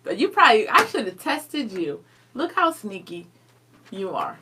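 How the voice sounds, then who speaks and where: A woman's voice: a little high, big pitch swings, normal speed, sharp tone, slight background noise. A woman co-hosting a radio show, answering quiz questions in playful casual chat. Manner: playful, laughs easily.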